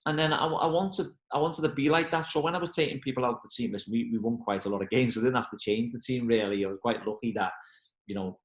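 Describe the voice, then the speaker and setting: Fast-talking football manager. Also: male voice, mid-range voice, roomy sound, poor audio. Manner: animated storyteller, acts out quoted voices. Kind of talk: casual interview.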